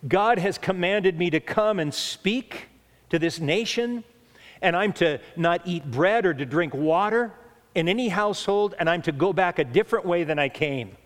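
Preacher doing an earnest young male prophet, firm and insistent, slightly high voice, echoey hall. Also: animated, moderate pace.

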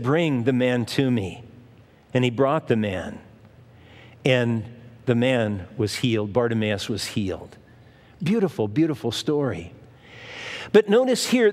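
A man's voice: a little high, in a large hall. A male pastor giving a conversational sermon, acting out the voices of the people in the Bible stories.

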